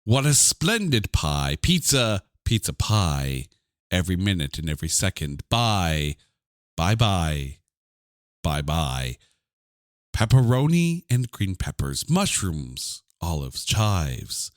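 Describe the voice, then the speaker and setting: A man putting on a halting, grandly dramatic reciter. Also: deep voice, big pitch swings, dry recording, clean studio sound, pitched below the performer's own voice, full character voice. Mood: mock dramatic.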